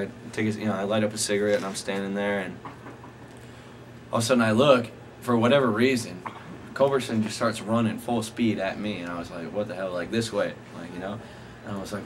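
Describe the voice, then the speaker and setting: A young man casually telling a rambling, profane anecdote to friends, often laughing as he talks. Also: fairly low pitch. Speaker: storyteller. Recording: noisy amateur recording.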